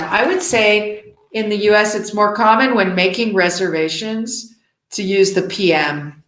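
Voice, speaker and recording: A woman teaching an English lesson, explaining slowly and clearly with a playful touch. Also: mid-range voice, lively intonation, fairly bright tone, reverberant, slight background noise. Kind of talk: online class teaching.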